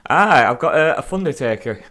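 A man's voice: mid-range voice, brisk. Laid-back Lancashire man. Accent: Lancashire English. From Lancashire, England. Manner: relaxed, joking, swears casually. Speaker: podcast co-host. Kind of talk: casual chat.

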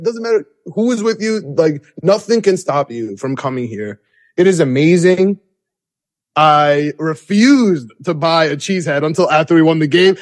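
A young man hosting a podcast, telling an excited, rambling story with many restarts. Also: high voice. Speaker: podcast host. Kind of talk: excited casual recap.

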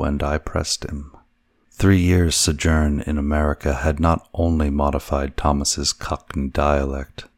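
A man narrating a classic story in a measured, even reading. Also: extremely low pitch, dry recording, clean studio sound. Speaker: audiobook narrator.

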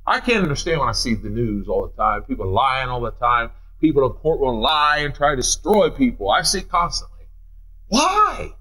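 A man's voice: a little high, a bit bright, rough recording. A middle-aged man with a Midwestern American accent preaching a sermon from a church pulpit, with big swings in delivery. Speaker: pastor. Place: church sanctuary.

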